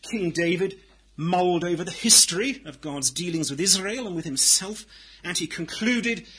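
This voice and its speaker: A man delivers a sermon in a high, bright voice with a husky edge. He phrases each line deliberately and with emphasis, then swings from near-whispered passages up to ringing declarations. The tone stays bright even at its quietest. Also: rough recording. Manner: dramatic swings from loud declaration to hushed tones. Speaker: preacher.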